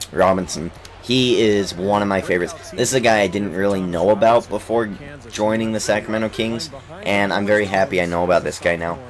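A gaming YouTuber, a young man with a fairly low voice, gives loose, excitable let's-play commentary over a basketball video game. Still recovering from an illness, he coughs occasionally and trash-talks the on-screen players, speaking unhurriedly with long pauses.

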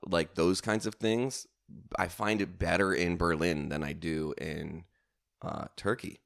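A man with a notably deep, low voice hosts a comedy podcast on his own. He talks in a loose, rambling way, swearing freely and poking fun at himself between lots of ums and likes. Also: fairly even intonation, unhurried, gravelly. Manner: swearing, self-mocking storytelling with lots of fillers. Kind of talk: casual rambling podcast monologue.

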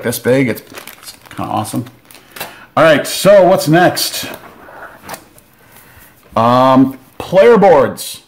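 A man of middle pitch chatters through a board game unboxing, joking as he goes. He gets giddy and keeps up a running commentary in a relaxed, informal tone. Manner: excitable, joking asides. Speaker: board game channel host.

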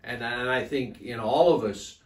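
Man, church Bible study co-leader, reflective and halting, mid pitch, echoey room, away from the mic. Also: distant mic. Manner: reflective, starts with repeated "I think". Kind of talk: conversational Bible teaching.

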